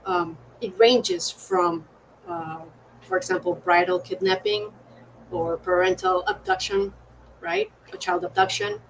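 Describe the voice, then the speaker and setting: Hesitant woman moderator, lively and gravelly. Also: medium pitch, unhurried, slight background noise, rough recording. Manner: hesitant, many fillers, tag questions. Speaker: event moderator introducing the speaker. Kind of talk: formal introduction at an academic lecture.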